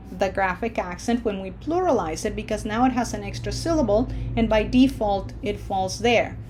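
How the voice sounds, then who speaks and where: A woman teaches Spanish word stress at a deliberately unhurried pace. She draws each example word out slowly and coaches the learner with short asides between drills. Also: medium pitch, darkish tone, slight background noise. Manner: slow, drawn-out modeling of Spanish words with coaching asides. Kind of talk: language lesson.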